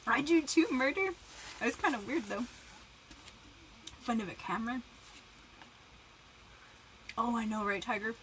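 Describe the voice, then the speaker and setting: Young female streamer, bright voice, giggly, chatty, casual livestream banter. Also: fairly high pitch, lively intonation, unhurried, pauses often, a little hiss or hum, rough recording. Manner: giggly, chatty, greets viewers by name; self-conscious, eating while talking.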